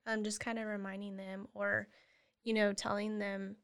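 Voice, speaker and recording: A woman guest on a podcast, earnestly explaining how she supports children, often acting out gentle words to a child. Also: mid-range voice, flat delivery, moderate pace, smooth. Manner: earnest, acts out gentle parent dialogue. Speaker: guest, family therapist. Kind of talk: casual interview chat.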